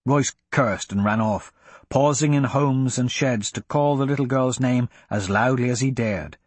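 A man narrating a fantasy audiobook in an expressive storytelling manner. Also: medium pitch, a little slow, husky, no echo.

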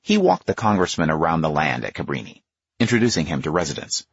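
A man with a husky voice giving a measured, expressive nonfiction audiobook narration. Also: extremely low pitch, no echo, highs cut off.

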